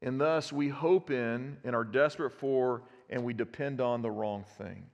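A man's voice: mid-range voice, unhurried, vocal fry, muffled recording. A man, preaching a conversational sermon and putting questions to his congregation. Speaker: pastor. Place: church sanctuary. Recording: long reverb of a church hall.

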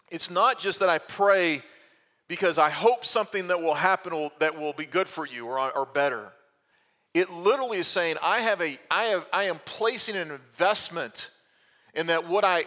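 A man in the pulpit giving a teaching sermon, working through a passage with rhetorical questions and small restarts. His voice is bright and sits a little high. The sound carries a long hall reverb. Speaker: pastor. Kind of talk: expository sermon.

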